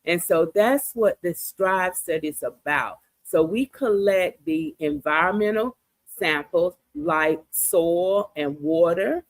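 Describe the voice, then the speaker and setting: A woman's voice: fairly low pitch, no room sound. A woman guest explaining a research study in an earnest, explanatory way. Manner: earnest, explanatory, slows down for numbers.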